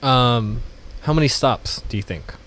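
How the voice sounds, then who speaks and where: A man's voice: mid-range voice, lively intonation, measured pace, fairly bright tone. Guy cohosting a podcast, goofy, laughs a lot, voice jumps all over, trips on words. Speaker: podcast co-host. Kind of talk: casual chat. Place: California.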